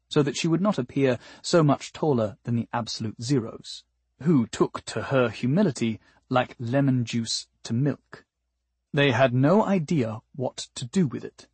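A man narrating an audiobook in a dry, measured storytelling manner. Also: medium pitch, a little mellow, husky, no room sound.

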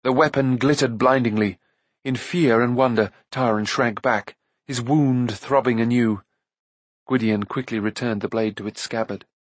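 A man narrating a fantasy novel aloud with an even storytelling delivery. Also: mid-range voice, normal speed, no echo. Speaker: audiobook narrator. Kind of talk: scripted narration.

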